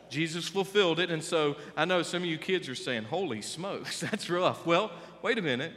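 Middle-aged pastor guy preaching, kinda high voice, big echoey church sound, gets loud then goes real quiet. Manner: emphatic, swings from loud to hushed. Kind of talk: sermon. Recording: long hall reverb.

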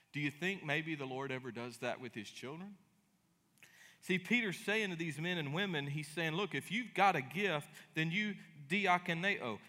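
Animated preacher in a reverberant hall. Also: male voice, a little high. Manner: animated preaching, acts out dialogue with sudden loud bursts. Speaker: pastor. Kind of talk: sermon. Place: church sanctuary.

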